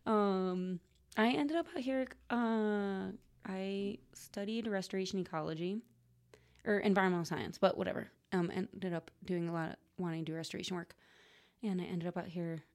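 Speaking at a moderate pace with a somewhat dark tone in her mid-range voice, a forty-something woman from Connecticut talks casually as a guest on an interview. She makes fermented foods, laughs often, and trails off with lots of fillers.

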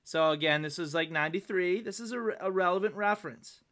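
A man's voice: high-pitched, fast talker, a bit bright. A young man on his podcast reading aloud his own childhood story, with amused, chatty asides. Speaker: podcast host.

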